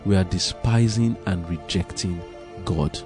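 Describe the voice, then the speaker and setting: A man preaching a sermon and reading scripture aloud, earnest, shifting between hushed and emphatic delivery. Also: deep voice, a little slow, faint music behind.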